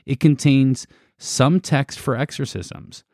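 A man co-hosting a casual podcast chat, relaxed and halting as he reads from his notes. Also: medium pitch, gravelly, dry recording, clean studio sound. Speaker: podcast co-host.

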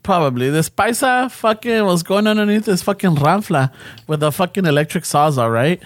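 A man's voice: sits high, expressive, normal speed, no echo. A young man, telling stories in casual podcast chat, swearing a lot and dropping Spanish slang. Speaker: podcast co-host.

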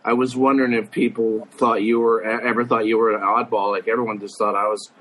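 A man's voice: on the low side, little pitch movement, brisk, a bit bright, slight background noise, poor audio. A man of thirty-nine telling funny, self-mocking stories from his youth in casual chat, swearing freely. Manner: profane, self-mocking storyteller.

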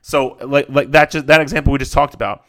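A man's voice: medium pitch, fairly even intonation, brisk, a bit bright. A man who is a fitness coach, talking on his podcast in a blunt, casual way, swearing often and repeating himself to drive the point home. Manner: blunt, profane, repetitive coaching talk.

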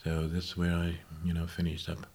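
Man, very low voice, interview guest; slow, halting storytelling that keeps correcting itself. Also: completely flat delivery, vocal fry, darkish tone. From Australia. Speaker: guest musician.

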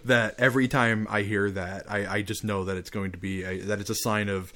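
A man's voice: fairly low pitch, steady tone, brisk, sharp tone. A man co-hosting a casual movie podcast who laughs and eagerly quotes favorite lines. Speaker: podcast co-host. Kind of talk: casual movie-review chat.

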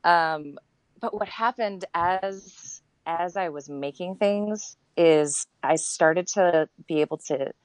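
Low-voiced woman talking candidly. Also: slow, clear, resonant tone, no echo, low-quality recording. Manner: reflective and candid, with frequent fillers and restarts. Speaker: guest. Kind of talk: casual interview chat.

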